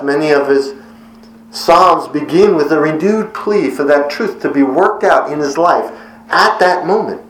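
A middle-aged man preaching a devotional sermon in an earnest, measured way, slowing on key words. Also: a little high, slight background noise. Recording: echoey room with faint ambience.

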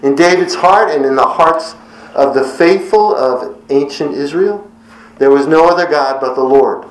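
A middle-aged man preaching a devotional sermon in an earnest, measured way, slowing on key words. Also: on the high side. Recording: echoey room with faint ambience.

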